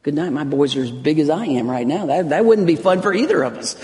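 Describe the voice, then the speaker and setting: Middle-aged male pastor with a slightly high voice; emphatic sermon that drops to a hush, echoing sanctuary. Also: fast talker, hardly any pauses. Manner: swings from loud emphatic peaks to soft hushed lines, repeats words. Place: church sanctuary. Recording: long reverb of a large hall.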